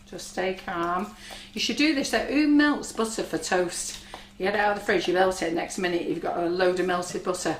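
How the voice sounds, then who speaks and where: Woman, husky, lower pitch, reassuring live baking demo, echoey kitchen. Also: normal speed, hardly any pauses. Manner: chatty, reassuring, talks while working. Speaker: cake decorating instructor. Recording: echoey kitchen with faint noise.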